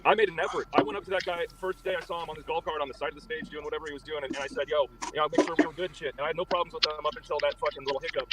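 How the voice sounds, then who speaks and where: A man talking on a livestream in a rapid, heavily profane, defensive rant. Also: on the high side, steady tone, heavy background noise. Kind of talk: casual livestream chat.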